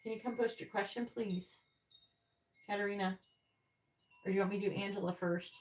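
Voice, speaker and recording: A woman's voice: mid-range voice, steady tone, fairly quick, a little mellow. A woman giving tarot readings on a live stream, chatting directly with viewers in the chat. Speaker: tarot reader.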